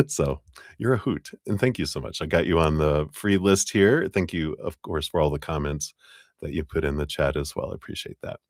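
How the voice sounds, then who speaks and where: A man's voice: rumbling low, a little fast, no echo, studio quality. A man hosting a live tarot stream, chatting casually and upbeat as he thanks viewers one by one, laughing often.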